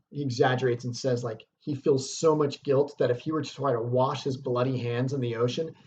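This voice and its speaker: A man's voice: medium pitch, a little mellow, dull audio, a little hiss or hum. Casual male teacher explaining a play. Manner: casual, with fillers and check-ins.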